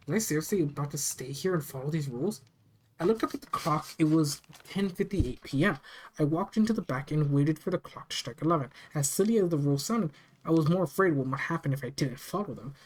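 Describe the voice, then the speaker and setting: Steady first-person horror storyteller. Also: medium pitch, fairly quick, rough recording. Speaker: story narrator.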